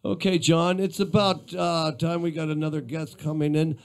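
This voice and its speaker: A man's voice: on the high side, level tone, normal speed, smooth. A man hosting a live radio talk show, chatting loosely with guests and often repeating words. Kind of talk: casual radio chat.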